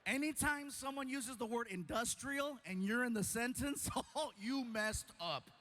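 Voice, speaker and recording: A man performing stand-up, telling a story in an animated, playful way and acting out voices. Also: very high-pitched, measured pace. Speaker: stand-up comedian.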